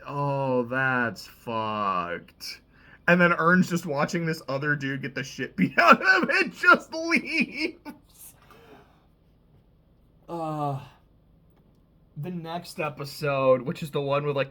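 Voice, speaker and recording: A man's voice: a little high, bright, forceful tone. A man casually recapping TV episodes, talking loosely, swearing freely and leaning on "like" a lot. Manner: loose and profane, heavy use of "like". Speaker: TV show reviewer.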